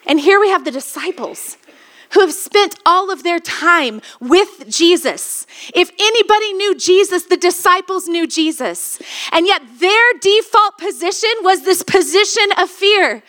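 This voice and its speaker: A woman's voice: very high voice, expressive, measured pace, a bit bright. A woman pastor preaching a sermon, retelling a scripture story and asking the congregation rhetorical questions.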